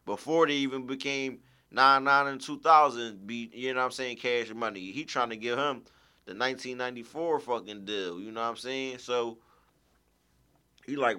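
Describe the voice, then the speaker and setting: A man's voice: medium pitch, measured pace, bright, forceful tone, smooth. A man hosting a podcast, talking in loose, rambling street slang with lots of filler. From Philadelphia. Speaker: podcast host. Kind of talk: casual podcast commentary.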